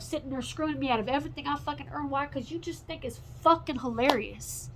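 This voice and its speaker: Woman in her forties, bright sharp voice, fairly high, profane rambling rant, loud outbursts then low mutters. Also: fast, few pauses, a little hiss or hum, low-quality recording. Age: 40s. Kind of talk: unscripted ranting monologue.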